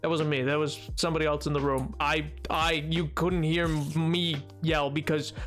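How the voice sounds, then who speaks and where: A man's voice: a little high, little pitch movement, moderate pace, a bit bright, faint music behind. A young man live-streaming a building game, rambling casually to his chat and joking at his own expense. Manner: rambling, self-mocking, talks to chat.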